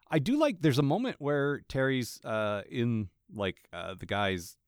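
A man's voice: medium pitch, animated, slow, no echo, clean studio sound. A man co-hosting a podcast in casual, chatty talk, sometimes swearing. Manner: chatty, swearing, laughs often. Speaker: podcast co-host. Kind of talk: casual chat.

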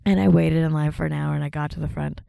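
A woman in her thirties from Canada, telling stories as a guest in casual chat, with quick laughs and voices for the people she quotes. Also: low voice, steady tone, creaky, dark tone, clean tone, no room sound, studio quality.

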